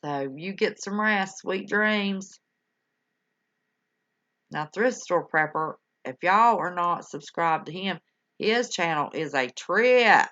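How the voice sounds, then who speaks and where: Her voice is fairly low, expressive and a bit bright, and she takes things slowly. This older woman hosts a livestream, chatting casually and warmly with live viewers in a folksy way, calling them honey and y'all; the home stream audio is dull and lo-fi.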